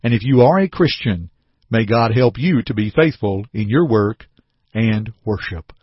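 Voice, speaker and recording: A man's voice: fairly low pitch, expressive, measured pace, slightly rough, no echo. A man preaching a formal radio sermon, earnestly quoting long passages of scripture. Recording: dull lo-fi archival broadcast recording.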